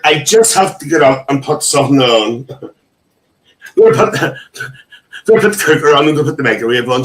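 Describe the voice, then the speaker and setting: A man's voice: a little high, a bit bright, low-quality recording. A man hosting a casual livestream, reading viewers' comments aloud in an emotional, chatty way with frequent laughter. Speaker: livestream host.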